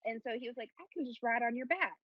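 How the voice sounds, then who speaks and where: Animated, swearing woman telling a story. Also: a little high, quick pace, dull audio. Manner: animated, profane, self-mocking storyteller. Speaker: podcast co-host. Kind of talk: casual storytelling chat.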